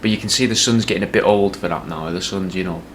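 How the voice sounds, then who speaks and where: A man casually pitching a sketch idea, rambling with hesitant restarts. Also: fast talker, a bit bright, slight background noise. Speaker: comedy podcast host.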